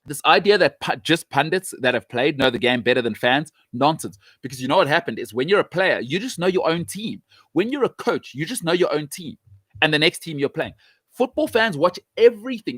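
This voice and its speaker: A man hosting a show, giving an emphatic, opinionated monologue with rhetorical questions, frequent restarts and sudden rises in pitch when he makes a point. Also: animated, fairly quick, fairly bright tone, no room sound.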